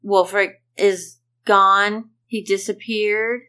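Slow-spoken woman playing a tabletop game. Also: mid-range voice, flat delivery, pushed and bright. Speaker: player.

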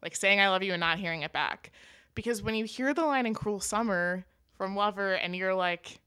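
A woman's voice: medium pitch, moderate pace, clear, resonant tone, no echo, studio quality. A young woman co-hosting a podcast, chatting casually and enthusiastically as a fan. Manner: enthusiastic, expressive fan talk. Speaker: podcast co-host. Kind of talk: casual chat.

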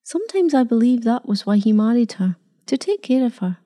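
A woman's voice: on the high side, fairly quick. A woman doing a firm, loving grandmother. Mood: earnest. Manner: firm and steady.

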